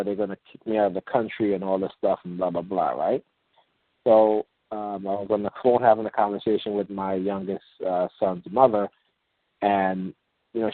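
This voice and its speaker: Low-voiced man on a tinny phone line. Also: creaky, no echo. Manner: rambling, halting explanation with many fillers and restarts; reads example passages aloud in a slow, measured way. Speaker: call-in show host. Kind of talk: casual talk on a phone call-in show.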